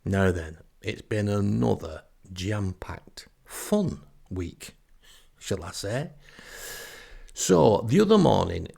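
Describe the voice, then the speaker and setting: An older man from Northern England, a podcast host and storyteller, tells a comic first-person story in a wry, chatty, self-deprecating way. His voice is on the low side, slow and creaky, with lively intonation, a dark tone and a breathy edge.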